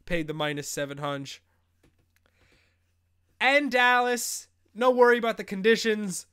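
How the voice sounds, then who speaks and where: A man's voice: high-pitched, measured pace, fairly bright tone, clean tone. A young man hosting a live fantasy football advice stream, bantering loosely and joking as he answers chat questions. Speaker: host.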